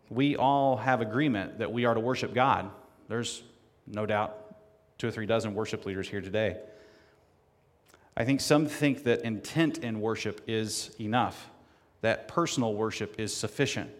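A man preaching a sermon and reading scripture aloud, rising to loud emphatic declamation. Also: lowish voice. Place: church sanctuary. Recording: long hall reverb.

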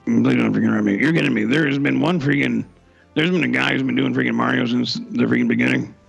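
A man with a deeply gravelly, mid-pitched voice rambles through comic rants. He hesitates constantly and jams the same mild curse word into almost every phrase, with faint music in the background. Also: steady tone, fast, poor audio. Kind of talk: comedic podcast banter.

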